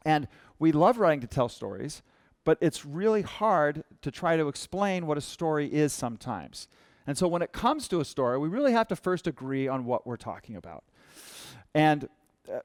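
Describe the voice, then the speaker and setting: A man with a fairly high voice delivers a storytelling talk as a writer from the experience design business. He speaks conversationally and brings in the voices of other people as he recounts events. His voice is close and dry, with no room echo. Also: lively intonation, moderate pace. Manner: conversational storyteller who acts out quoted dialogue.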